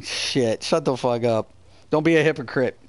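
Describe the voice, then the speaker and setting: A man's voice: mid-range voice, moderate pace, no echo. A man hosting a live gaming stream, ranting heatedly and profanely while answering his chat. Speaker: gaming streamer and channel host.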